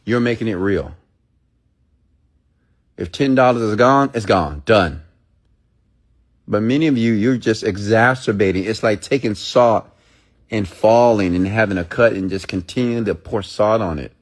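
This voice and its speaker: Preachy, emphatic lower-pitched man. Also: measured pace, pauses often. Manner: preachy, emphatic, mimics listeners in high voices. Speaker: motivational speaker. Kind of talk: motivational monologue.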